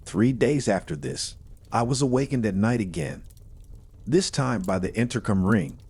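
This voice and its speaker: A man reading a first-person horror story in a steady, measured storytelling manner. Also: lowish voice, slightly rough.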